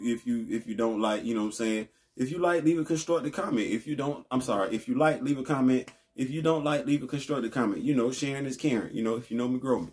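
A man hosting his own vlog, talking in a rambling, slangy, animated way that rises high when he gets frustrated. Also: fast talker. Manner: rambling, slangy, laughs often. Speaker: vlog host. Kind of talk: casual ranting vlog.

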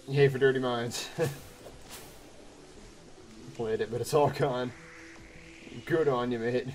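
A young man commentating a video game, excitable and chatty, yelping at danger and answering chat. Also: mid-range voice, slow, pauses often, soft background music. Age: young adult. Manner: excitable, yelps and exclaims, chatty asides to chat. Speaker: let's play host. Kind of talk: gameplay commentary.

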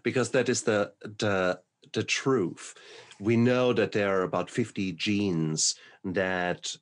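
A man's voice: fairly low pitch, fairly even intonation, takes it slowly. A man from New Zealand hosting a podcast interview, talking thoughtfully and searching for his words as he goes. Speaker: podcast host. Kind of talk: conversational interview.

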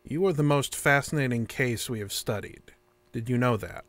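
An actor playing a calm, stiff male interrogator who speaks in flat, formal, repetitive phrases in an audio drama. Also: mid-range voice, normal speed, no echo, close to an everyday voice.

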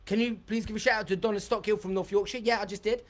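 A man leading a live-streamed dance tutorial, excitable and chatty, reading out viewer comments and breaking into high whoops. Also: quick pace, roomy sound, distant mic. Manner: bursts into high shouts and whoops. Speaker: dance workshop leader.

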